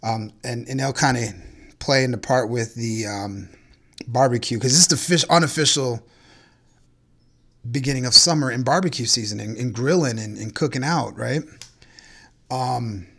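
This man hosts a podcast and speaks at a normal pace with a medium pitch. His voice is gravelly and a bit bright, with long pauses as he rants profanely and in disbelief about bizarre news in casual conversation.

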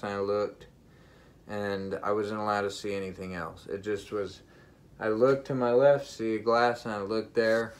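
Earnest male vlogger, slightly low voice, emotional testimony delivered emphatically with halting restarts. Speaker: vlogger sharing a vision.

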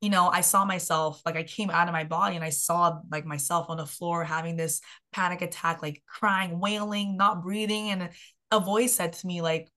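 A young woman shares her own story in a podcast interview, her pitch sitting a touch low. She talks in an animated way, leaning on "like" and acting out what she said back then. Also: normal speed. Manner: animated storyteller, filler-heavy with frequent "like". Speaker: guest, health and mindset coach.

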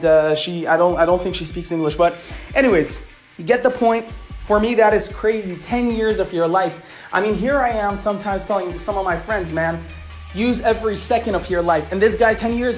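A male host with a fairly high voice, chatting in a lively, casual way and calling his listeners guys. Faint music runs quietly behind him. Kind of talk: casual talk-show monologue.

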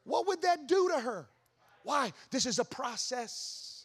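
Male pastor, very high pitch, animated sermon storytelling with rhetorical questions. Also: slow, husky. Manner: animated storytelling with voiced asides.

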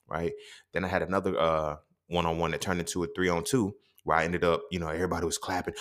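A young man hosting a casual podcast monologue, swearing freely and acting out quoted dialogue in his stories. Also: quick pace. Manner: profane, streetwise storytelling with quoted dialogue; animated, jumps up in pitch when quoting. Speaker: podcast host.

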